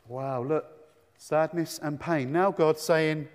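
Brief: enthusiastic male children's talk leader, bright high voice, big reverberant church hall. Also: fairly even intonation, slow pace. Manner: enthusiastic, asks the children many questions.

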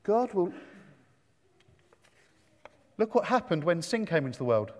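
A man leading an animated children's talk in church, enthusiastic and full of questions for the children. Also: high voice, unhurried, in a large hall.

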